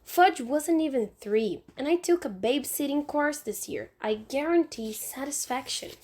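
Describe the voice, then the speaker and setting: A woman's voice: high voice, expressive, moderate pace, a little mellow. A woman reading aloud and voicing a bossy, self-assured young girl who insists on being in charge. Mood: persuasive. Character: bossy know-it-all young girl babysitter.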